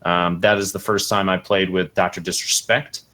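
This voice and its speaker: A young adult man with a fairly low voice tells a casual story as a podcast guest. He is animated and leaps up in pitch whenever he acts out what someone said. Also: moderate pace.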